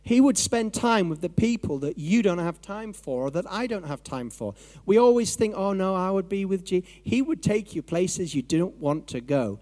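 Animated, conversational male preacher. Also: high voice, moderate pace, hardly any pauses. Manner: animated, conversational, acts out inner voices. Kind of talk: sermon.

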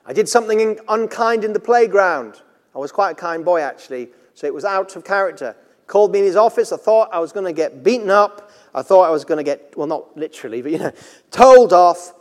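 Man, preacher, high voice, earnest conversational sermon, long echoing hall reverb. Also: expressive, brisk.

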